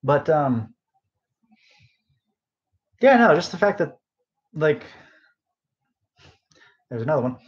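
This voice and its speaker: A man's voice: a little high, big pitch swings, slow, pauses often, muffled recording. A young man telling a work story in a loose, rambling way, full of fillers and side remarks, sleep deprived, recorded on a phone sitting on a bedside table. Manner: rambling, lots of fillers and asides. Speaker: podcast host. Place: bedroom, phone on end table.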